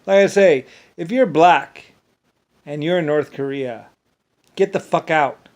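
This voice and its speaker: Man, fairly high voice, rambling rant, angry, repetitive, stumbles and restarts. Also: takes it slowly, a little mellow, muffled recording. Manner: angry, repetitive ranting with profanity. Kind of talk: rambling monologue.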